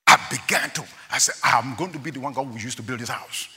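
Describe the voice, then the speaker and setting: A man preaching a sermon as a pastor, animated and exclaiming as he tells stories, often laughing. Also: medium pitch, quick pace. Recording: long hall reverb.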